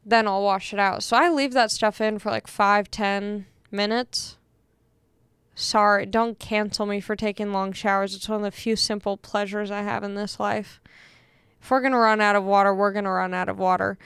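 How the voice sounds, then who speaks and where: A woman's voice: medium pitch, fairly even intonation, normal speed, a bit bright, smooth, no room sound. A young woman hosting a casual talk show, chatty and self-mocking, rambling through a sponsor read. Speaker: podcast host reading an ad.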